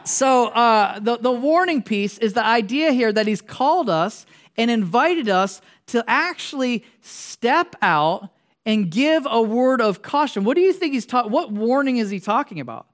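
A man's voice: very high-pitched, expressive, unhurried, fairly bright tone. Casual, joking male pastor preaching. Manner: casual, joking, wanders into tangents; conversational, asks the audience questions. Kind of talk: sermon.

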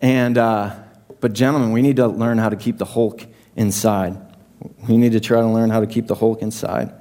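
Speaking at a moderate pace in a lowish voice, this young male pastor delivers a sermon to his congregation. He keeps it conversational, pokes fun at himself and throws in animated asides.

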